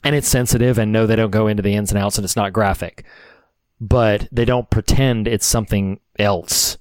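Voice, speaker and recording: A man's voice: on the low side, fairly even intonation, normal speed, darkish tone, clean tone, no room sound. A man co-hosting a podcast, talking earnestly and thoughtfully about a film, with frequent restarts. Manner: earnest, reflective, many restarts. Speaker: podcast co-host. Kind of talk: casual film discussion.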